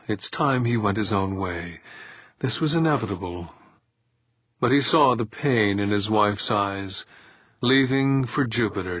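A man narrating an audiobook in a calm, measured way. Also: fairly low pitch, slightly rough, no echo, lo-fi sound. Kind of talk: scripted narration.

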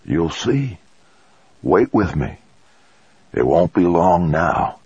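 A man voicing a frail, dying old grandfather with a feeble, croaking voice, speaking slowly and faintly, as if from far off. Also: deep voice, big pitch swings, a little mellow, dry recording, full character voice. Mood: dreamy. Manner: slow, faint, breathy and far-off. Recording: dull lo-fi dry recording.

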